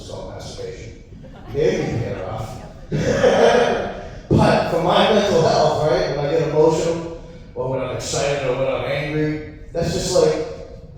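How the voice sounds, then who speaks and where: A man's voice: medium pitch, darkish tone. A man from Massachusetts in his thirties doing a crude, rambling stand-up set, laughing at his own jokes. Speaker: stand-up comedian. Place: comedy venue with audience. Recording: echoey hall, far mic, faint noise.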